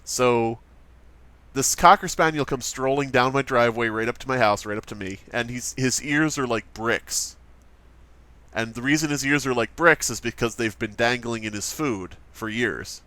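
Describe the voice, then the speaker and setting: A man hosting a let's play, telling stories in casual chat, animated and swearing freely. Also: medium pitch, normal speed, no room sound. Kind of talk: casual chat while gaming.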